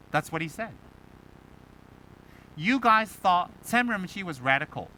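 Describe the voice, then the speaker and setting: Male Buddhist teacher, high bright voice, animated dharma talk that drops soft for emphasis, faint rumble behind. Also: rough recording. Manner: animated, mimics voices of students; drops to a low, soft voice for key points.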